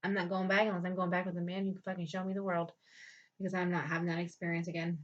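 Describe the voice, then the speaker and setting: Woman venting her life story, lots of swearing, lowish voice, dull lo-fi audio. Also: level tone, quick pace. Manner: blunt, frustrated, profane. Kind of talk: candid storytelling, heavy swearing. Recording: dull lo-fi sound.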